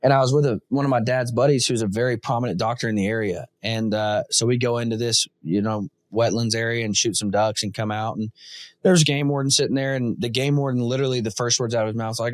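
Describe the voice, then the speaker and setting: A man hosting a casual hunting conversation, telling stories with lively acted-out quotes. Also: mid-range voice, brisk, no room sound. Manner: animated storyteller, acts out quotes. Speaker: podcast host.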